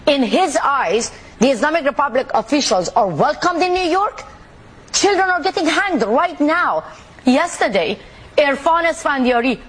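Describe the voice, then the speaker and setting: A woman from Iran, an activist speaking forcefully and indignantly as an interview guest. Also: sits high.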